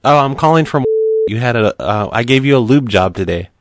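A man making prank phone calls, keeping an innocent, deadpan tone while needling the people he calls. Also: mid-range voice, fairly quick, background noise. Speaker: prank caller.

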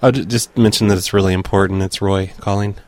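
A man's voice: low-pitched, steady tone, fast talker. A man making prank calls, talking to his listeners in between and posing as someone from a corporate office in a dry, mock-official tone. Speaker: prank caller. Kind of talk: prank call commentary.

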